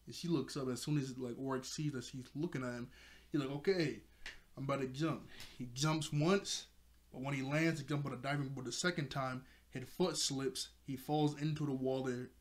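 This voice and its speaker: A man's voice: medium pitch, fairly even intonation, fairly quick. A man casually recapping a cartoon episode, chatty and loose, laughing often and filling his talk with "like.". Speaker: show reviewer.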